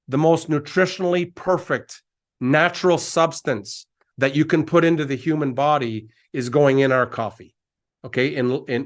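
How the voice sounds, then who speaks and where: A man giving an energetic, hyped-up sales pitch, repeating himself and firing off quick asides. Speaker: company presenter.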